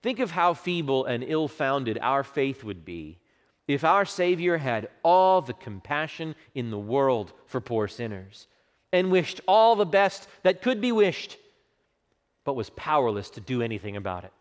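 A man preaching a sermon with passion, dropping to a hush for quoted words and rising for emphasis. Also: medium pitch, very animated, unhurried. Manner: impassioned preaching, hushed quotes, swelling emphasis. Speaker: pastor. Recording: long hall reverb.

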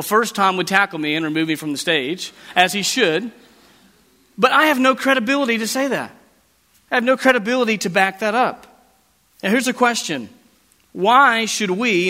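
A man preaching a sermon as pastor, with emphatic delivery that slows down on key phrases. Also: high-pitched, bright, forceful tone. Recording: long hall reverb.

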